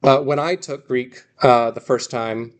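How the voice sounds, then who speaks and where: A man's voice: medium pitch, steady tone, unhurried. A man teaching a class in an easygoing, joking manner. He often restarts his sentences and corrects himself mid-thought. His voice sits in an ordinary middle range. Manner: casual, joking, self-correcting with many restarts. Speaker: Greek teacher. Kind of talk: classroom lecture.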